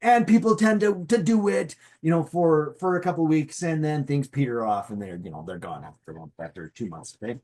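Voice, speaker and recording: A middle-aged man gives a motivational business talk with a husky, slightly breathy voice. His pitch swings up and down a lot as he speaks. He talks in a folksy way and keeps checking in with his listeners. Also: brisk, few pauses. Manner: animated, folksy, checks in with "okay?". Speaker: presenter.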